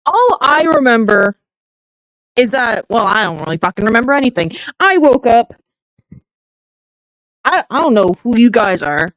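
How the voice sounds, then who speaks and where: A brash, combative woman role-playing her character at a tabletop game and swearing freely. Her voice swings widely in pitch and sounds close and dry. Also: sing-song, moderate pace, pauses often, fairly bright tone, no echo, rough recording. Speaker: player.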